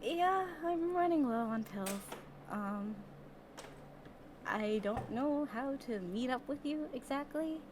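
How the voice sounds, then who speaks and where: A woman's voice: high voice, expressive, darkish tone, slight background noise. Woman playing a timid, evasive young girl. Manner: hesitant, halting, cheeky.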